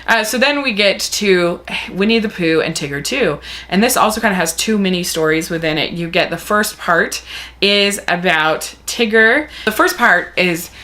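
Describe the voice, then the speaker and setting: A woman's voice: mid-range voice, moderate pace, bright, forceful tone. A woman gushing enthusiastically as she reviews a film, retelling the story with plenty of repetition. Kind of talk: casual video review.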